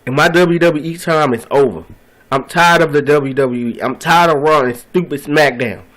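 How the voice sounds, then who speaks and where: Male vlogger, fed-up ranter, fairly high voice, repetitive and profane. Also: moderate pace, fairly bright tone, rough recording. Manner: frustrated, repetitive, profane outbursts. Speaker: vlogger ranting about wrestling. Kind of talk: angry video rant.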